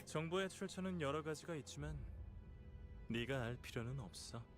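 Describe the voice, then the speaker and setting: A man's voice: a little high, lively intonation, rapid-fire, music in the background, natural voice. An actor voicing a male video game character who talks in a cool, knowing, teasing way. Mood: taunting.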